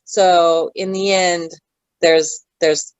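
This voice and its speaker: A woman's voice: fairly low pitch, level tone, very slow, clear, resonant tone, dry recording, rough recording. A woman being interviewed as an actress, talking in a chatty way that wanders off and loses its thread. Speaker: actress guest. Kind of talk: casual interview chat.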